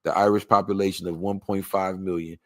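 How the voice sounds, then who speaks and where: A man reading a measured documentary narration. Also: low voice, little pitch movement, darkish tone, dry recording. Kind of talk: scripted narration.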